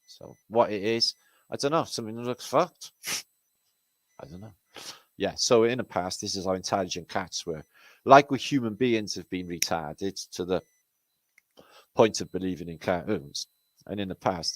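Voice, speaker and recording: Low-voiced, sarcastic British host. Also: male voice, no echo, rough recording. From Britain. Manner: sarcastic, profane, rambling. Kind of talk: casual commentary over pictures.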